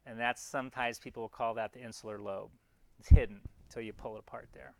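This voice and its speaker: A man's voice: medium pitch, steady tone, fast talker, gravelly, dry recording. A man giving a classroom anatomy lecture in a casual, chatty way, often restarting mid-phrase and pointing out parts on slides as he goes. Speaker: anatomy instructor.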